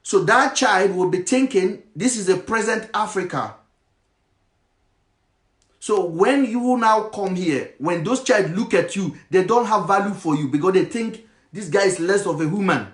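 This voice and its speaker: Man, Nigerian accent, passionate monologue, high-pitched, echoey room. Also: normal speed. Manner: passionate, with Nigerian Pidgin phrases. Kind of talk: impassioned monologue.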